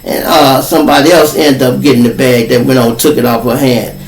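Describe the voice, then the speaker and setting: Gravelly Chicago man telling a story. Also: mid-range voice, brisk, a little hiss or hum. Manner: animated, profane, acts out the people in his story. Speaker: podcast host. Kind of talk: casual storytelling. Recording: roomy, distant from the mic.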